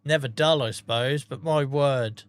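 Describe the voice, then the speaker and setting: A man's voice: medium pitch, unhurried, clear, resonant tone. A tired man chatting casually to viewers on a live stream, rambling, swearing freely and laughing at himself. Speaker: game streamer.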